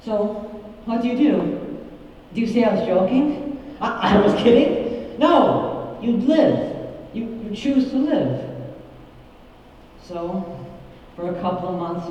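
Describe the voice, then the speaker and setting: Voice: medium pitch, mellow, lightly acted. A young stage actor playing a wistful middle-aged man who confides in the audience. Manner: confiding, musing asides to the audience. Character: wistful middle-aged male musical fan. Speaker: narrator. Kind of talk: stage musical acting. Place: theater stage. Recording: dull, echoey stage hall from far off.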